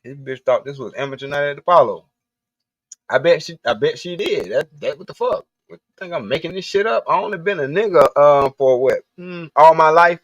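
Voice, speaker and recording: A man's voice: on the high side, lively intonation, brisk, dry recording. Blunt, profane man ranting. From Southern US. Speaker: livestream host. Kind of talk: casual ranting monologue.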